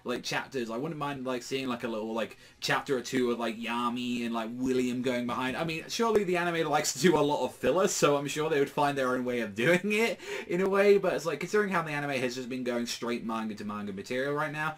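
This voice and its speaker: Brief: man, mid pitch, rambling casual recap, filler-heavy, excitable delivery. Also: fast, few pauses. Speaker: anime reviewer.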